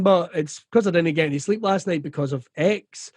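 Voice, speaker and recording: A middle-aged Scottish comedian, appearing as a guest in a candid conversational interview, talks frankly and animatedly, swearing freely and slipping into other people's voices. His voice is a touch high with a breathy edge, he speaks a little fast, and the recording is dry and close.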